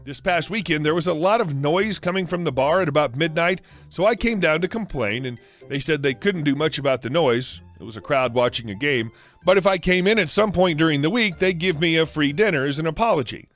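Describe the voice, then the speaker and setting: Male narrator with a lively, fairly high voice. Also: brisk. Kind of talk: scripted narration of online stories. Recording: faint music underneath.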